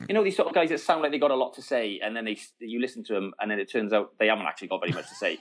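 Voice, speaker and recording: A middle-aged man spins an animated story as a guest in a relaxed interview. He laughs often and keeps restarting his sentences as the story runs on. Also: mid-range voice, rapid-fire, few pauses. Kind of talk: casual storytelling.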